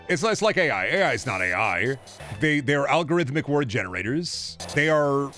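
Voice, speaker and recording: A man's voice: mid-range voice, fairly bright tone. A man streaming a game, ranting casually in a rambling, sarcastic and profane way. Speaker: gaming streamer. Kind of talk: casual ranting chat while playing.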